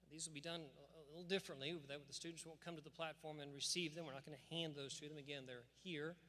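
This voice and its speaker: In a big church sanctuary, a man whose voice sits a little high and sounds pushed and bright gives a commencement address. His delivery is earnest and emphatic, preacherly in rhythm, with scripture woven in, and the hall's long reverb hangs on every phrase.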